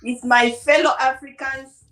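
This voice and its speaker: A woman's voice: sits high, steady tone, measured pace, a bit bright. A woman in a casual chat who talks emphatically and agrees readily with her guest. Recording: roomy, distant mic.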